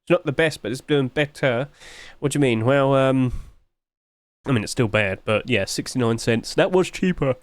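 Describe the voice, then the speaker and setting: A sleepy man chatting his way through game skin reviews, rambling along with sudden high-pitched exclamations. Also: normal speed, no echo. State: sleepy, yawning. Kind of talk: casual screen commentary.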